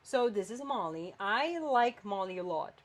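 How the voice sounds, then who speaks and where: A woman's voice: medium pitch, normal speed. Chatty woman podcast host. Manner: animated, chatty, swings between flat and emphatic. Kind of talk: casual chat.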